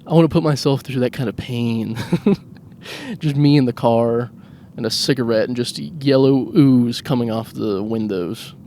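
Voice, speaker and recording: A man's voice: medium pitch, normal speed, mellow, slight background noise. A man hosting a solo podcast while driving a car. He rambles comically, mocks himself and laughs at his own jokes. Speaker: podcast host. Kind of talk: solo rambling comedic monologue.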